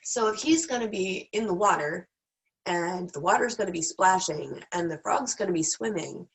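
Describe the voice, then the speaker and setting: A woman's voice: lowish voice, animated, moderate pace, rough recording. A woman teaching an online class in a candid, self-deprecating, rambling way, a little teary and stuffed up in the nose. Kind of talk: casual online class talk.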